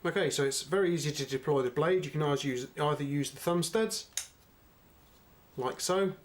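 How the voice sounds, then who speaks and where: A man's voice: on the high side, normal speed. A middle-aged man, chatting unhurriedly to viewers as he reviews a knife. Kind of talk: casual product review.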